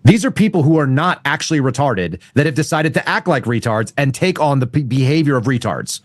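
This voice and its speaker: A man's voice: medium pitch, lively intonation, a little fast, no echo, studio quality. A man in casual podcast chat, blunt and crude, joking around, with a cough. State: has a cough.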